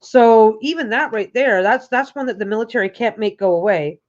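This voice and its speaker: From her couch at home, a woman hosts a casual livestream chat in a voice on the high side, speaking a little fast. She rambles and often restarts her sentences, and the lo-fi recording sounds dull.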